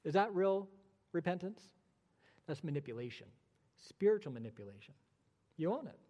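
A male pastor preaching with a somewhat high voice that rings out into a long hall reverb. He presses his points through rhetorical questions and slips in dry, sarcastic asides. It sounds like a church sanctuary. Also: very animated, moderate pace, dark tone, dull audio. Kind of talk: sermon.

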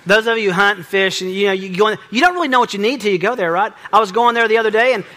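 A middle-aged man preaching a sermon as pastor, lively and joking, acting out little exchanges. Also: sits high, very fast. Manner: lively, joking, acts out dialogue.

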